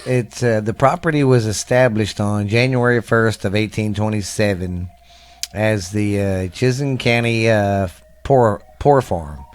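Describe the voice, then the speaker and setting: A man's voice: on the low side, measured pace. A middle-aged man with a Southern American accent hosting a podcast, telling ghost stories and stumbling over words as he reads. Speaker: podcast host. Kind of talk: casual storytelling.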